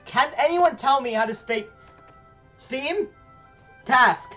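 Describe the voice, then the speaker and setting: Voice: high-pitched, lively intonation, slow pace, long pauses, bright, forceful tone, faint music behind. A streamer chatting casually while playing a strategy game, often reading on-screen text aloud. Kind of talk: casual live game commentary.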